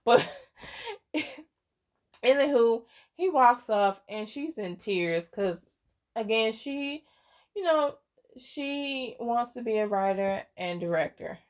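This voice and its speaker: A woman's voice: on the high side, expressive, slow, long pauses. A young woman casually recapping a story game, rambling with lots of fillers and restarts, and often laughing in amusement. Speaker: gaming content creator.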